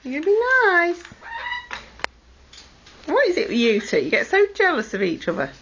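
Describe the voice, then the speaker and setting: Lively high-voiced woman cooing at parrots. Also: moderate pace. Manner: coaxing, affectionate scolding. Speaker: pet owner. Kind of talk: baby talk to pet parrots. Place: home room with parrot cages. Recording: lo-fi 2008 home video with faint noise.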